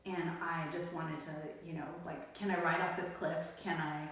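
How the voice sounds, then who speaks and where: A woman's voice: low voice, little pitch movement, normal speed, fairly bright tone. A middle-aged woman telling a personal story as an interview guest, in a candid, emotional, tumbling way. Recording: echoey room, mic at a distance.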